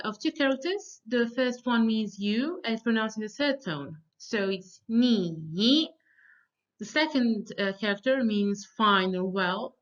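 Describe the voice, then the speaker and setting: A woman teaching a beginner language lesson, pronouncing sounds slowly and deliberately, with frequent fillers and pauses. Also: mid-range voice, fairly bright tone, dull audio.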